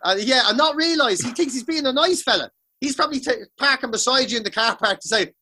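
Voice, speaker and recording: Irish man, bright voice, sweary animated comic ranting. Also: extremely high pitch, fast, few pauses. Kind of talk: casual comedic rant. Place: sitting on the floor of a room.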